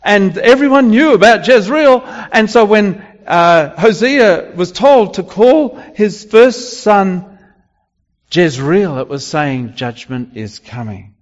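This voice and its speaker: High-voiced older preacher in an echoing hall. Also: male voice, expressive, slow pace, muffled recording. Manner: conversational, with many fillers and restarts. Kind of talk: sermon.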